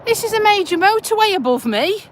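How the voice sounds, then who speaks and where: Outspoken Yorkshire-accented woman, casual walk-and-talk vlogger, bright high voice, lots of swing. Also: big pitch swings, brisk, a little hiss or hum. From Lincolnshire, England. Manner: blunt, chatty, mild swearing. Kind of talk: casual walking vlog. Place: outdoors walking a dog by a road.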